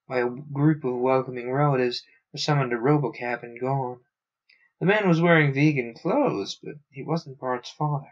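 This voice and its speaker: A man narrating a science fiction novel aloud on a stream, steady with small stumbles. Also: mid-range voice. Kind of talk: audiobook-style reading. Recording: dull lo-fi sound.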